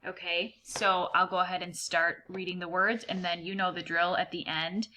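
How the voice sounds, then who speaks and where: Woman teacher going over reading words, slightly low voice but bright and crisp, patient and clear. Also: little pitch movement. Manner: patient, explains pronunciation slowly and clearly. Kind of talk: recorded reading lesson for students.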